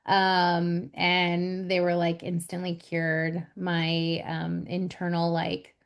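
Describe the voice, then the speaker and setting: A woman in her thirties co-hosting a podcast in casual chat, telling an animated story with lots of laughter and fillers. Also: fairly low pitch, takes it slowly, clear, resonant tone. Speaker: podcast co-host.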